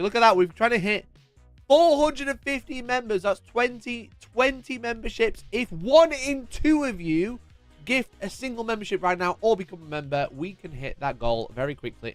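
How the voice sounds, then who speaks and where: A chatty man with a fairly high voice hosts a casual live stream, greeting viewers by name and bantering as he reads their messages. His voice sounds close and dry, with faint music playing underneath. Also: no room sound. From United Kingdom.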